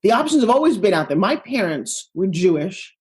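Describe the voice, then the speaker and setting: A middle-aged woman from Long Island, New York, with a Long Island accent, telling stories as a guest in a casual interview, animated and self-mocking. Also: medium pitch, husky. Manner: animated, quick asides and self-mocking humor.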